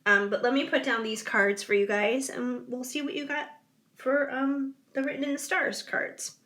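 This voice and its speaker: A woman's voice: sits high, fairly even intonation, normal speed, bright, forceful tone. Chatty woman giving a tarot reading. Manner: chatty, rambling, many fillers. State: yawning. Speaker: tarot reader. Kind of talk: casual tarot reading to viewers.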